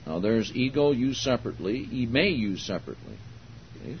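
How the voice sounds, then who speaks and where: An older man preaching a sermon, teaching slowly and deliberately, stressing key words and asking the congregation to follow along. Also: medium pitch, big pitch swings. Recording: dull lo-fi sermon recording with faint hiss.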